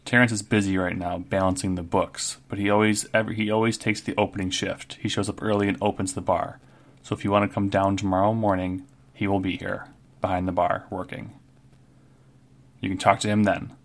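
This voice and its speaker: A man's voice: low voice, little pitch movement, a little fast. A man voicing a prickly, proud female barmaid who scolds a rude guest. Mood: sassy. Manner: scolding, demands manners.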